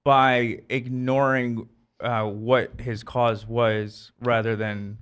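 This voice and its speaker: A man's voice: medium pitch, flat delivery, slow, fairly bright tone, clean tone. A man on a podcast who speaks hesitantly and carefully, passing on what other people said. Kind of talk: casual podcast discussion.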